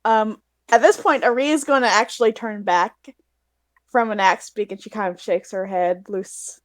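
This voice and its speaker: A woman player narrating her character's actions in a tabletop game, soft and hesitant. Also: mid-range voice, normal speed, no room sound.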